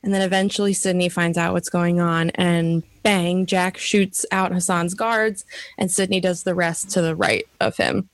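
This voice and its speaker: A woman's voice: on the low side, normal speed, no echo. Casting: chatty co-host, woman, strong American accent, giggly, dry close sound. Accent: strong regional American accent. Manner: giggly, chatty, self-interrupting. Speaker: podcast co-host. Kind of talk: casual chat, recapping a TV episode.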